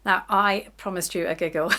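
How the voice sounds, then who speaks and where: A woman's voice: medium pitch, moderate pace, a bit bright. A middle-aged woman chatting casually to camera about her sewing week, chatty and self-deprecating, often giggling. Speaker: sewing vlogger.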